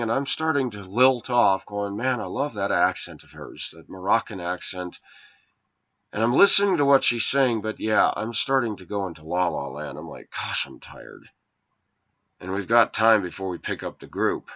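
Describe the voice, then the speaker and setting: A man's voice: fairly low pitch, animated, moderate pace, bright, forceful tone, dull audio. A man in his forties telling a rambling personal story in an indignant, preachy way to his viewers. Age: 40s. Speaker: vlogger.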